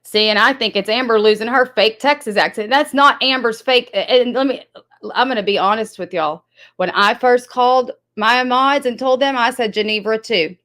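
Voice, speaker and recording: A woman's voice: a little high, normal speed, fairly bright tone. Blunt, accusatory woman livestream host. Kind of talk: heated livestream talk to chat.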